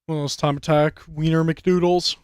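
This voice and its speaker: A man giving casual, profane commentary over a racing game, rambling and ranting with animated outbursts. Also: on the high side, normal speed, clean tone, no room sound. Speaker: gaming commentator. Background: game music and car engines.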